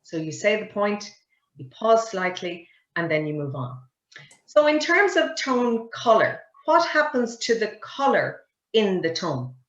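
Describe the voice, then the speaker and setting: A woman, a communication coach giving a lively webinar lesson and quizzing her audience. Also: medium pitch, measured pace. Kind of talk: webinar teaching. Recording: roomy, dull webinar audio.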